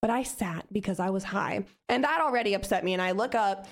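A woman's voice: medium pitch, a little fast. A young woman telling a story in casual talk, swearing freely and acting out the voices of the people in it. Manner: animated, swears freely, acts out quoted voices. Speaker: podcast guest.

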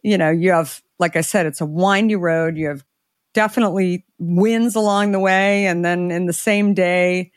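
A middle-aged woman, an interview guest, telling a story in a conversational way, animated and acting out the dialogue she quotes. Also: on the low side, normal speed, no echo, clean studio sound.

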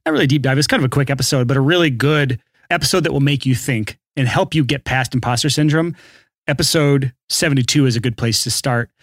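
A man's voice: mid-range voice, fast, no echo, studio quality. A man co-hosting a podcast in casual chat, steering the conversation and setting up each topic. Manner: steers the talk, sets up topics. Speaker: podcast co-host.

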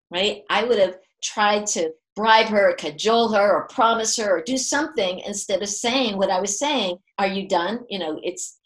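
Older woman, casual storyteller, animated, acts out quoted lines, frequent laughs. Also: mid-range voice, rough recording.

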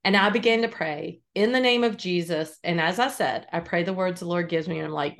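A middle-aged woman, a guest on a faith podcast, telling stories in an animated, earnest way and laughing easily. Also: on the low side, a little fast, vocal fry, hardly any pauses. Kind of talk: conversational storytelling.

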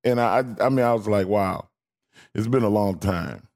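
A man's voice: on the low side, normal speed, a little mellow. A man co-hosting a sports radio show, telling wry, playful stories in casual chat.

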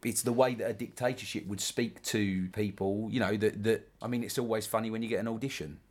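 A man's voice: fairly low pitch, fairly even intonation, fairly quick. A man with a London accent, talking through ideas in a casual discussion, reflective and rambling with asides.

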